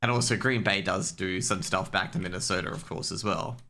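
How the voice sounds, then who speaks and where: A young man rambles through a casual stream chat with a low but bright, edgy voice, dropping swear words and tripping over restarts. He gets louder and more worked up when he rants, while keys clatter faintly near his desk mic. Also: steady tone, fairly quick. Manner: rambling, profane and loose, many fillers and restarts.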